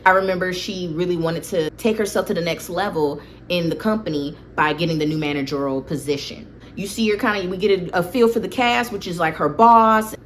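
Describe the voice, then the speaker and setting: A woman's voice: on the low side, a little hiss or hum. A woman casually recapping a horror film for her channel, talkative and full of opinionated asides. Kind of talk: casual movie recap commentary.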